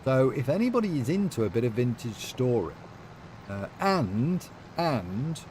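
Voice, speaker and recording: A man's voice: mid-range voice, darkish tone, a little hiss or hum. Rambling man chatting on stream. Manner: rambling, reads chat aloud, many fillers. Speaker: game streamer. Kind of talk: casual livestream chat.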